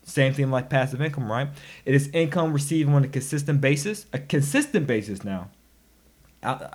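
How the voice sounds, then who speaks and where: A man giving a motivational personal finance lesson, talking in an animated, preachy way with sudden loud, emphatic bursts. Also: medium pitch, moderate pace. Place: recorded instruction.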